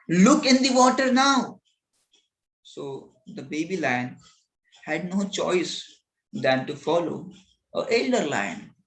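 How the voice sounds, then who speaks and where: A man's voice: a little high, a bit bright, low-quality recording. A man teaching a scripture class, telling a parable earnestly and often checking in with his listeners with a rhetorical "right?". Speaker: spiritual teacher.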